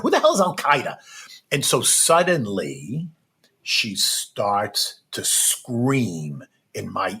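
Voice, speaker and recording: A middle-aged man telling a personal story as a podcast guest, animated and keeps checking in with "right?". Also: medium pitch, breathy edge.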